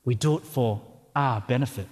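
At normal speed, an Australian pastor with a mid-range, slightly mellow voice delivers a sermon, his words ringing with long hall reverb. He keeps it chatty and humorous, often tossing tag questions to the congregation.

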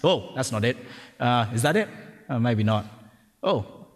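A man's voice: mid-range voice, animated, unhurried. A man with an Australian accent preaching a sermon, conversational and joking, often checking in with the crowd. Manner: conversational and humorous, with frequent tag questions. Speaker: pastor. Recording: long hall reverb.

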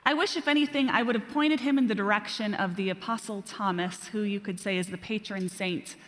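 A woman preaching a sermon, telling self-deprecating stories in an animated way. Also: mid-range voice, a little fast. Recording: reverberant hall.

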